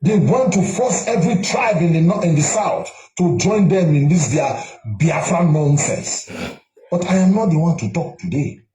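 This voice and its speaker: A man in an older clip, speaking indignantly and dismissively about his opponents. His tone is mellow and warm, his pitch rising and falling a lot, and the recording sounds roomy. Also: animated, moderate pace. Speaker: online political commentator. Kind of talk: political commentary in an old video.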